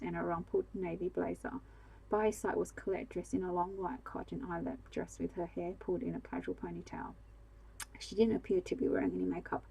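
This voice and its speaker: A woman reads a bedtime story in a calm, steady voice. Her tone is low and dark, with a gravelly, husky texture and a flat, even melody. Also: rough recording. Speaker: narrator.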